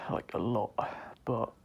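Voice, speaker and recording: A man crying as he talks through an apology, halting and choked, with long pauses, sighs and breathy half-whispered words. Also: muffled recording. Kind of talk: tearful personal apology monologue.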